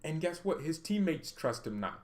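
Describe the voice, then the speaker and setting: A man hosting a football reaction vlog, talking in an animated, jokey, rambling way. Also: on the high side, moderate pace. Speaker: football reaction channel host. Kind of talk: casual reaction vlog commentary.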